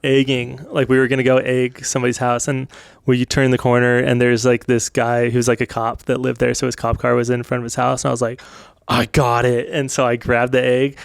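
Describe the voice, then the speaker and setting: Gravelly-voiced man in casual podcast chat. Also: mid-range voice, completely flat delivery, fairly quick, dry recording. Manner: rambling, many fillers, laughs often. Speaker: podcast co-host.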